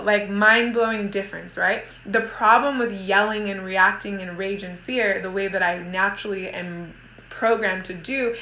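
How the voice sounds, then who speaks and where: A woman's voice: mid-range voice, sharp tone, reverberant, slight background noise. A woman in her thirties, a mother who coaches a women's group, gives a casual motivational talk. She rambles with lots of "like" and restarts herself often. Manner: rambling, heavy use of "like", frequent restarts.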